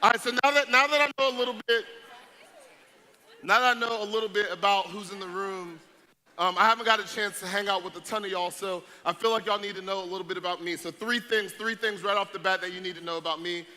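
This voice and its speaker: A man's voice: high voice, fairly even intonation, fast, bright, forceful tone. A young man, joking and hyping up a crowd as a youth event speaker. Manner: playful, hype, joking with audience. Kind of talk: energetic stage talk to a crowd. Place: large event hall with audience. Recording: noisy live event recording.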